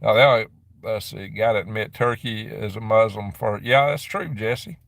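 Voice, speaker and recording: A man's voice: lowish voice, vocal fry, a bit bright, dry recording. Chatty man hosting a live stream. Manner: rambling, chatty, answers comments with quick laughs. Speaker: livestream host reading viewer chat. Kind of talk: casual live chat. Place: dim room at his rural property.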